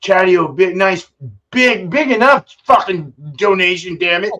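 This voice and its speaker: Rambling, swearing home brewer on a stream. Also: male voice, high-pitched, measured pace, a loud crowd. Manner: loose, swearing, rambling with fillers. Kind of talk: casual live-stream chat. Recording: dull lo-fi stream audio.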